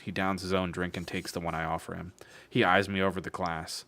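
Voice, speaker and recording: Low-ish guy reading a novel on stream, wry, cusses and jokes between bits. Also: flat delivery, fairly quick, sharp tone. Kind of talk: casual book reading with asides.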